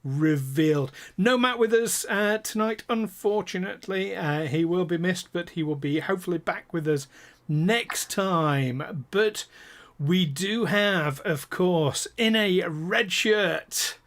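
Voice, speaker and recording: A man's voice: high-pitched, slow, fairly bright tone. A man hosting a live tabletop role-playing stream as game master, joking and laughing often as he introduces the players. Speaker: game master and show host.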